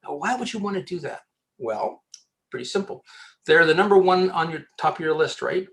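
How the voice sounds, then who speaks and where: His voice on the high side and his pace a little fast, a male headhunter guesting on a podcast hands out relaxed career tips. He's lively and jokey, frequently starting his sentences over.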